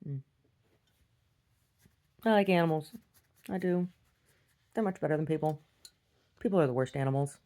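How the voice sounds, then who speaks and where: A woman telling meandering stories in a casual video diary, halting and full of restarts. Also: sits low. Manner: halting, full of restarts and "like", shouts when acting out quotes. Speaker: video diarist. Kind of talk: rambling casual storytelling.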